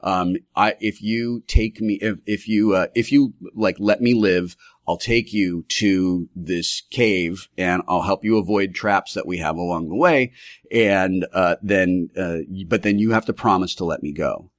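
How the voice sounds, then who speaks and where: A man voicing a cowardly, grumbling male goblin captive in a tabletop game, talking in a halting, rambling way. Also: sits low, no echo, clean studio sound.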